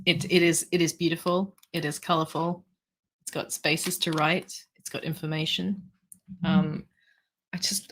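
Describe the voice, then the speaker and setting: A woman's voice: deep voice, fairly bright tone. A woman in her thirties hosting a casual livestream, hesitant, with many ums and restarts as she reads out the chat. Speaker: livestream host.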